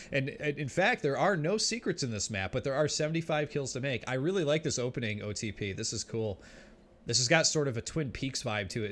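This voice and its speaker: A man's voice: medium pitch, a bit bright, a little hiss or hum. A man streaming a game and chatting with viewers, often exclaiming and laughing as he plays. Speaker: gaming streamer. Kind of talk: let's play commentary.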